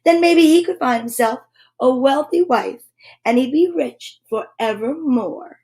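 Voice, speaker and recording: Scheming cackling old witch from a kids storybook, read out by a woman, slow and sly. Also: high voice, lively intonation, a little mellow.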